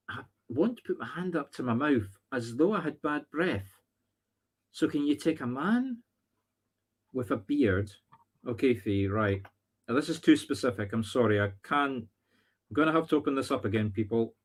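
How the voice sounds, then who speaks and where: A man's voice: mid-range voice, big pitch swings, normal speed, long pauses, slightly rough. A man with a Scottish accent giving live-streamed psychic readings, chatty and thinking aloud with teasing asides. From Scotland. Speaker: spiritual medium.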